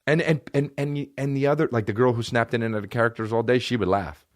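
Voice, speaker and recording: A man's voice: mid-range voice, fast talker, dry recording, clean studio sound. A man in his thirties hosting a comedy podcast, ranting in a casual, profane way and mimicking people in mocking voices. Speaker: podcast host.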